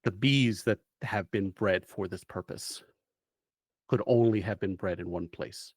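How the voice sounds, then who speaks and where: A man's voice: on the low side, a little slow, no room sound, pitched below the performer's own voice. A man voicing a small, serious red panda who gives a formal mission briefing in a grave, stiff manner. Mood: solemn.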